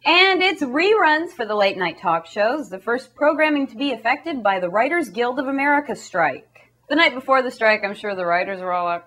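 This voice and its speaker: A woman's voice: on the high side, expressive, normal speed, hardly any pauses, a bit bright. A woman hosting a satirical news show in a breezy, sarcastic manner. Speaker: comedy news host.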